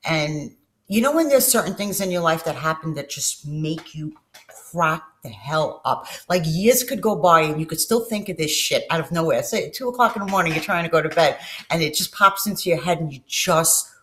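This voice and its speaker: A woman's voice: low-pitched, expressive, moderate pace, fairly bright tone. A middle-aged woman telling personal stories to her viewers in a casual vlog, candid and emotional, swearing freely and often trailing off and restarting her sentences. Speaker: vlogger. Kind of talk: casual personal storytelling to camera.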